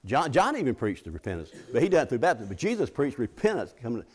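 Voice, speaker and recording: A man's voice: mid-range voice, wildly swooping pitch, fast, a little mellow, husky. A middle-aged man preaching a sermon in a folksy, conversational way, often restarting his sentences and acting out the scripture quotes.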